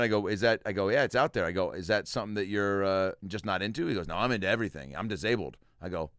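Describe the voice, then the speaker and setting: Male podcast host, lowish smooth voice, lively storyteller. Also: racing, few pauses, no echo, studio quality. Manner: animated storyteller acting out bits. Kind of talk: casual chat, telling a stand-up story.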